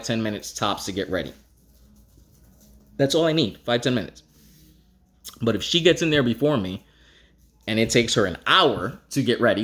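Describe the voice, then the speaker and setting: A middle-aged man telling a personal story in a casual, frank way, acting out the people he quotes with a raised pitch. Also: fairly bright tone. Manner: casual, frank, occasional swearing.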